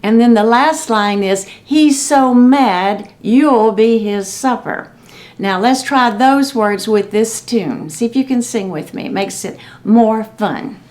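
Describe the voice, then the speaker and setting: A woman librarian reading a story aloud to children and teaching a sing-along song, gentle and expressive. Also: on the high side, takes it slowly.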